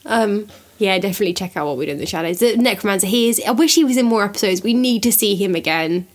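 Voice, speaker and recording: A woman co-hosting a podcast, chatting casually and playfully, a bit husky from a cold. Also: mid-range voice, fast. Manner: giggly, rambling, playful. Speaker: podcast co-host. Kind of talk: casual chat.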